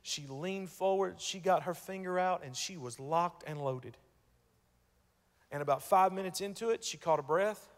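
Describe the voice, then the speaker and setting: Guy pastor preaching, kinda high voice, stutters on starts, goes quiet then loud, big church echo. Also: normal speed. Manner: storytelling, repeats words when starting, swings from hushed to loud. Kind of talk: sermon. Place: church sanctuary.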